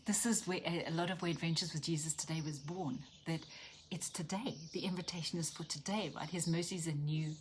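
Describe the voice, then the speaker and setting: A woman giving an earnest, animated devotional teaching that keeps checking in with the listener and drops into soft, near-whispered asides. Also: low-pitched, fairly quick, a little hiss or hum. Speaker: Christian speaker and teacher.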